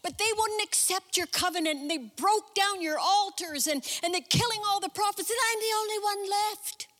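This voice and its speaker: Woman doing a high, whiny, despairing prophet. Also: normal speed, fairly bright tone, in a large hall. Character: despairing male prophet, complaining and self-pitying.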